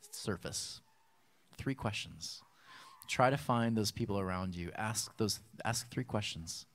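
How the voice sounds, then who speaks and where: A man preaching a sermon, telling a story and acting out its voices with lively bursts. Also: low-pitched. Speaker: pastor.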